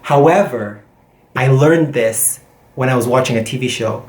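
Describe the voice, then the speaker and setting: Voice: mid-range voice, moderate pace. Chatty language teacher, lots of ums and restarts, drops in portuguese words, echoey room. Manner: chatty, animated, with many fillers and self-corrections; mixes in Portuguese words and phrases. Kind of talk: casual vocabulary lesson.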